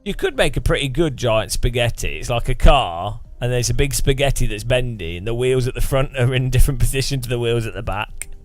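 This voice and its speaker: A man's voice: medium pitch, animated, brisk, hardly any pauses, dry recording, faint music behind. A man streaming live and chatting casually, rambling and joking and laughing often.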